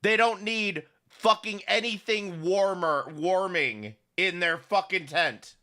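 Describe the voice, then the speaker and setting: A man's voice: high voice, slow, sharp tone. A man hosting a reaction commentary show, exasperated and sarcastic, swearing often. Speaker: commentary host.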